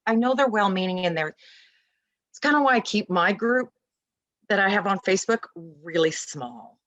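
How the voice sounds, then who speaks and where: A woman guest in a casual interview, talking about parenting in an animated, emphatic way and acting out little dialogues. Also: medium pitch, moderate pace, dry recording, dull audio.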